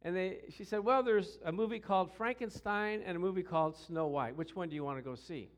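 A middle-aged man preaching a sermon through personal stories, acting out voices with shouts and growls. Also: sits high, brisk. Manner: animated, acts out quotes with shouts and growls. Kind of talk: storytelling sermon.

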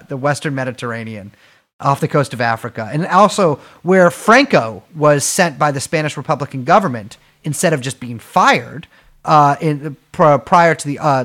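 A man co-hosting a podcast in loose, casual chat. He rambles and cracks jokes, leaning on lots of fillers. His voice sits a little high and moves around a lot in pitch. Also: a bit bright. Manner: rambling, joking, many fillers. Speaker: podcast co-host.

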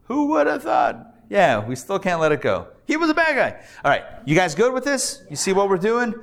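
A man, a rabbi, teaching a live Hebrew reading class in an upbeat, playful way, sounding out letters slowly for his students. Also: sits high, sing-song, a bit bright. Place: class hall, recorded live.

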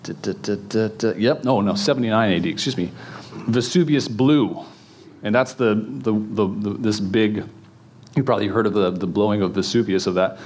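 A man's voice: lowish voice, normal speed, darkish tone, a little hiss or hum. A man preaching a casual sermon, chatty and joking with the congregation, with many fillers and restarts. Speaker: pastor. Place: church in front of a congregation.

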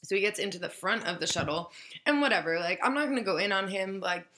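A woman's voice: mid-range voice, animated, quick pace, bright, forceful tone. A woman casually telling a story, acting out the quoted voices and swearing freely.

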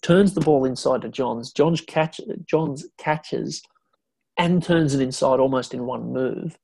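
A man co-hosting a podcast, rambling through an old match recap with excited asides. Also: mid-range voice, a little slow, gravelly, slightly rough, no room sound. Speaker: podcast co-host.

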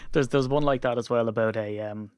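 A man co-hosting a sports podcast, talking quickly and enthusiastically with plenty of fillers. The recording is dry and close, with no room sound. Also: mid-range voice, steady tone, a little mellow, clear, resonant tone, no room sound. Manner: enthusiastic storyteller, many fillers. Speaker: podcast co-host. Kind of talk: casual sports chat.

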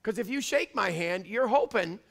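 Canadian pastor guy preaching, gravelly high voice, loud and fiery. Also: animated, normal speed. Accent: Canadian English. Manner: fiery, often shouting preacher. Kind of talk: sermon. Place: church before a congregation.

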